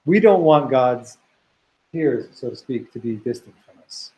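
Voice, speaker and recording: A man's voice: mid-range voice, expressive, unhurried, dark tone, rough recording. A man teaching a Torah class to students in a classroom. He reads Hebrew text aloud, explains it thoughtfully, and repeats words as he works through ideas.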